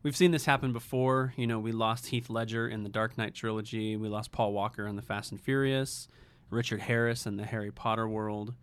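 A man hosting a fan podcast, posing discussion questions in a steady, organized way. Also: fairly low pitch, a little fast, clear, resonant tone. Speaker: podcast host.

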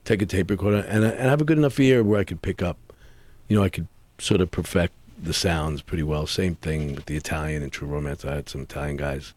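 A man from New York, an actor, telling rambling, animated anecdotes with many restarts in a casual interview. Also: low-pitched, fast. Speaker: actor guest.

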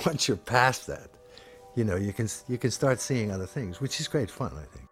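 A man with a low voice reflects on making a film. He speaks thoughtfully, pausing and rephrasing as he goes, with faint music behind. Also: sing-song, a bit bright. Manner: thoughtful, hesitant phrasing. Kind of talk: reflective interview.

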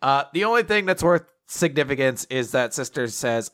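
A man's voice: mid-range voice, expressive, normal speed, fairly bright tone, clean tone, dry recording, studio quality. A man casually recapping a manga with a co-host, sarcastic and often laughing, sometimes acting out lines. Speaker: podcast co-host.

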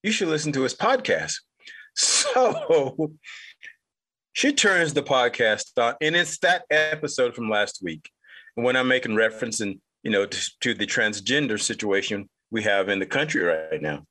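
A man's voice: mid-range voice, big pitch swings, unhurried, bright, forceful tone. A man in his fifties, originally from North Carolina, hosting a podcast and telling a rambling, repetitive personal anecdote. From North Carolina, United States. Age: 50s. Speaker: podcast host. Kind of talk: casual storytelling monologue.

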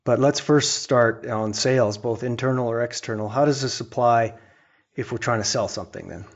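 A man's voice: mid-range voice, normal speed. A male podcast host guiding the interview in a friendly, encouraging way. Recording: dull lo-fi sound.

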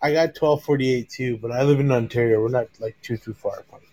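A man's voice: mid-range voice, a little fast, dark tone, poor audio. A young man rambling in casual chat, swearing and restarting his sentences a lot. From Canada.

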